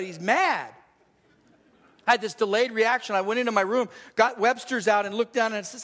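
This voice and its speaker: Middle-aged male pastor, storytelling sermon, shifts loud to hushed, reverberant hall. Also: high voice, brisk.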